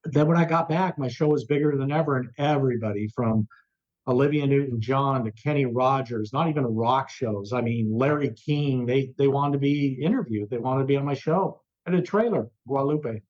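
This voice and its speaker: An older man, a radio host, telling lively anecdotes in an interview and acting out the voices of the people in them. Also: medium pitch, moderate pace, muffled recording. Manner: animated anecdote telling, acts out quoted voices. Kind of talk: storytelling in an interview.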